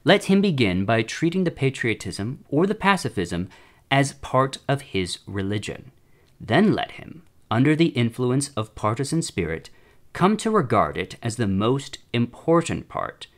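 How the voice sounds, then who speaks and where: Scheming elder demon read by a man, formal letter voice, measured and lively in pitch. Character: scheming elder male demon giving advice.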